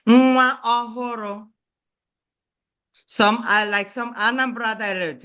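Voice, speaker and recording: A woman's voice: a little high, measured pace, fairly bright tone, clean tone. A woman, an Igbo speaker, teaching a beginner Igbo lesson in English, patiently repeating words and checking that students follow.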